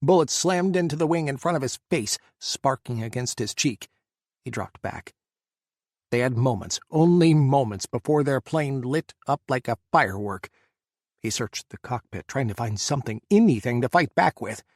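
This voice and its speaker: A male narrator reads an audiobook in steady, measured narration at a middling pitch. The recording is dry and close, with no room sound. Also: no echo. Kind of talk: scripted narration.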